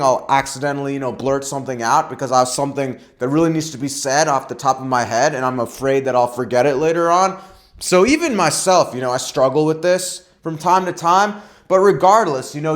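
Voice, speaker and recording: A young man talks straight to camera as a dating coach, in a slightly high voice. He is blunt and emphatic, listing problems in quick runs and ending his points with "right?" or "all right?". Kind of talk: direct-to-camera advice vlog.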